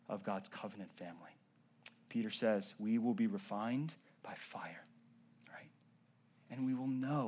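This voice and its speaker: A male pastor preaching a sermon. He swings between loud emphatic rises and hushed near-whispers, and he often checks in with the congregation by asking "right?" and "okay?". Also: medium pitch. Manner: addresses the congregation directly with frequent "right?" and "okay?".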